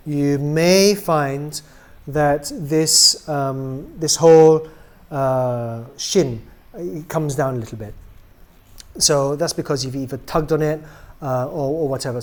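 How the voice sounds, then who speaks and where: In this casual product demo, a middle-aged man who makes dolls chats in a relaxed way, his pitch a bit on the high side. Fillers like um come often, and the ends of his phrases drift off softly.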